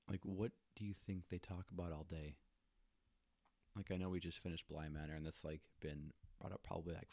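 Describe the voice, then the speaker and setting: Very deep-voiced laid-back man. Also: a little mellow, dry recording. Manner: laid-back, lots of "like" fillers, joking asides. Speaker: podcast co-host. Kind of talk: casual chat.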